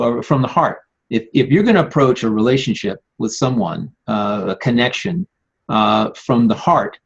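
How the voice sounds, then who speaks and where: Male podcast host, husky mid voice, recaps for listeners; muffled lo-fi recording. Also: medium pitch. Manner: interjecting, recapping points for listeners. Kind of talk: casual conversational chat. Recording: dull lo-fi sound.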